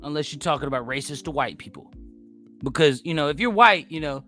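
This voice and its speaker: An American man on a livestream, ranting hard and cursing freely. His voice is bright and forceful and swings widely up and down as he repeats points and argues with his viewers. Faint music plays behind him. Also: mid-range voice, lively intonation, normal speed. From United States. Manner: ranting, profane, repeats himself, argues with chat. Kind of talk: heated casual rant.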